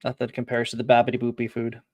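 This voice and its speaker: A man's voice: medium pitch, completely flat delivery, fast talker, darkish tone, muffled recording. A man hosting a casual group podcast chat, rambling with frequent restarts and laughter. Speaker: podcast host.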